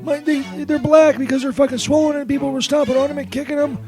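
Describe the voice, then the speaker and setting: A man's voice: extremely high pitch, fairly even intonation, fast talker. A man voicing a whiny, beaten-up male saint who swears, stammers and is constantly baffled, in a comedy radio bit. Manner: profane, stammering, bewildered. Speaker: co-host. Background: loud music.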